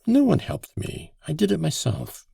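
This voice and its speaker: Guy doing an upset young ex-soldier getting grilled, defensive, snaps up high, gravelly audiobook voice, dry close sound. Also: big pitch swings, normal speed, no room sound, heavily acted. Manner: defensive, flaring into loud outbursts. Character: agitated young ex-soldier under interrogation, defiant.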